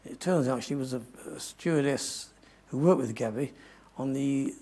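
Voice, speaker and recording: An older man tells a long adventure story at a museum talk, stopping often to restart his sentences. His voice is dark and mellow with a husky edge. The delivery is loose and chatty. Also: medium pitch, normal speed. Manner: rambling, self-correcting storyteller. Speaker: guest speaker.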